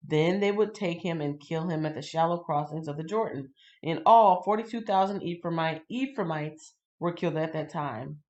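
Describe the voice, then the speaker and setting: A woman hosting a casual livestream Bible reading, chatty and lively, laughing and greeting viewers by name. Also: fairly low pitch.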